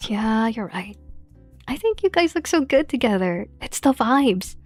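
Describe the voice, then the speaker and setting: A woman streamer reading the lines of a teasing, excitable young female friend in a story game, with a gossipy, playful manner. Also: on the high side, a little slow, faint music behind.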